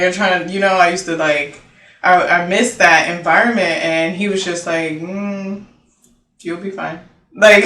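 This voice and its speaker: A young woman of Haitian origin telling a personal story in casual, animated talk, full of fillers and quoted dialogue. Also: lowish voice. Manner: animated, filler-heavy, quoting herself and others. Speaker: interview guest. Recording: roomy echo, distant mic, faint noise.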